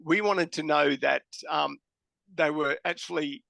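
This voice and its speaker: Aussie guy, gravelly and bright, swears a lot, dry close sound. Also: fairly high pitch, fairly even intonation, a little slow, no room sound. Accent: Australian. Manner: blunt, swears freely, acts out dialogue. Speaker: podcast guest. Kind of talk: casual storytelling.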